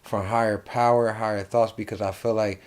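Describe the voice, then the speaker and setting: A young man from New Jersey hosting a casual late-night chat, rambling and animated, swearing freely. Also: fairly low pitch, moderate pace, slight background noise. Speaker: host.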